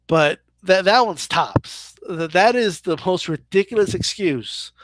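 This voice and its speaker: A man's voice: high voice, lively intonation, a little slow, a bit bright, no room sound. A man hosting a casual live Q&A about boxing, chatty and loose, full of "like" and "right?" as he answers viewer questions. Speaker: boxing channel host.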